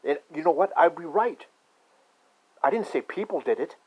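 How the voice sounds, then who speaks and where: A man in a rambling, profane conspiracy rant that swings from muttering to shouting. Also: on the high side, expressive, normal speed. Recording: dull lo-fi recording.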